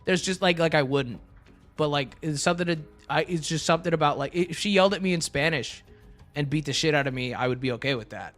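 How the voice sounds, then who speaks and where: A man's voice: on the high side, fast, fairly bright tone, soft background music. A young man streaming, chatting casually and rambling with lots of fillers, joking and answering his chat.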